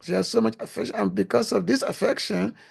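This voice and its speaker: Gravelly, hoarse man giving a devotional talk. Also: high-pitched, darkish tone. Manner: halting, frequent pauses and restarts. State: losing his voice. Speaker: religious speaker.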